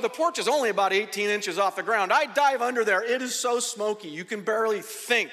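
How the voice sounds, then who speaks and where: Animated high-voiced preacher in a hall. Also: male voice, brisk, few pauses. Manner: animated, dramatic retelling. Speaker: pastor. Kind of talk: sermon storytelling. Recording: long reverb of a large hall.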